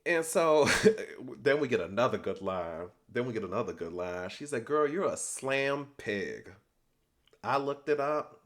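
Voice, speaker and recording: With a medium pitch and normal speed, a young man casually recaps a reality TV episode. He's animated and sassy, reenacting people's lines between slangy asides.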